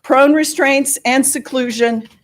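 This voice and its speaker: A woman's voice: sits high, fairly even intonation, slow. A middle-aged woman giving impassioned public testimony as a parent at a board meeting, pointed and full of rhetorical questions.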